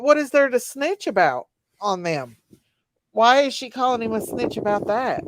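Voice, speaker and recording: A woman's voice: mid-range voice, poor audio. A woman, chatting casually as livestream host and answering her chat. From Kentucky. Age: 40s.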